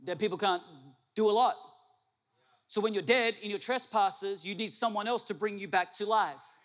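A man's voice: sits high, moderate pace, fairly bright tone, in a large hall. A male pastor preaching a sermon to a congregation, emphatic, repeating his phrases and asking the room questions. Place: church hall with an audience.

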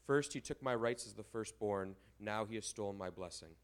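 A man's voice: lowish voice, moderate pace, close to an everyday voice. A man reading the lines of a grown son who begs his father for a blessing, in a plain scripture-reading voice. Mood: pleading. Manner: plain read-aloud delivery. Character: grown son, bitter and pleading.

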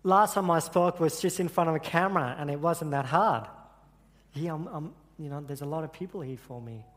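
An earnest man preaches to a congregation and stumbles over his words now and then with repeated restarts. His voice sits a little high for a man. The sound carries a long reverb from a big hall. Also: a little fast, fairly bright tone. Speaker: church speaker. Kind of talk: sermon with personal story.

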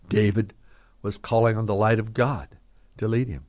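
A man's voice: on the low side, steady tone, moderate pace, long pauses, a little mellow. A man who is a pastor, preaching an earnest radio sermon and speaking straight to listeners as folks.

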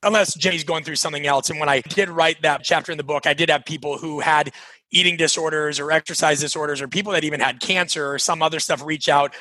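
A man from Nebraska, a coaching author, telling stories in an energetic, emphatic interview style and acting out quoted dialogue. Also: on the high side, fast talker, dry recording, rough recording. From Nebraska, USA. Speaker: coaching author and podcast guest. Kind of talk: conversational interview storytelling.

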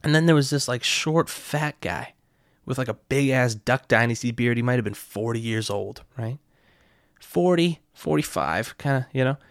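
A man's voice: medium pitch, normal speed, no echo, clean studio sound. Profane young man telling a story. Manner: profane, excitable, keeps asking "right?". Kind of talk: casual anecdote.

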